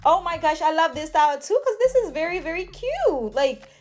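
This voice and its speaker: A woman's voice: very high voice, big pitch swings, normal speed. A woman chatting through a hair tutorial in a hyper, gushing way, calling her viewers honey and sis. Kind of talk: casual tutorial chat.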